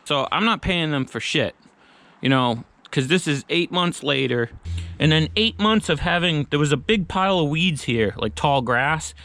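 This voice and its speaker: A man's voice: a little high, expressive, normal speed, fairly bright tone. A man vlogging about his truck build, telling a story bluntly and with profanity, acting out the arguments in quoted dialogue. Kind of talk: casual storytelling rant. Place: garage or shop.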